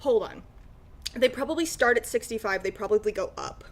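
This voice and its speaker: A woman's voice: a little high, fairly quick. A woman chatting casually with her stream viewers and breaking into frequent laughing fits. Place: room lit by natural light.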